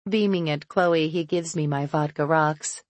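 A woman narrates a first-person novel, altering her pitch and speed to give each character a distinct voice. She reads a little slowly with a steady tone, and the recording is dry.

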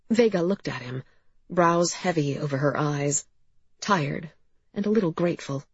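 Low husky woman narrating a story. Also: moderate pace, no room sound. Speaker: audiobook narrator. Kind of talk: scripted narration. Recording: slightly dull, dry.

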